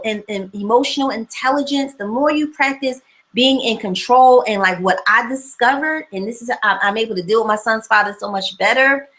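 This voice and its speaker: A woman hosting a casual motivational livestream, reading viewer comments and talking in a chatty, animated way that repeats words for emphasis. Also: a little high, poor audio.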